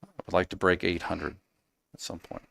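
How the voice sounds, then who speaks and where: A man's voice: deep voice, level tone, moderate pace, vocal fry, a bit bright, a little hiss or hum. A man from the United States talking as a podcast guest in a casual, rambling way with frequent ums and trailing asides. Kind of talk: casual interview talk.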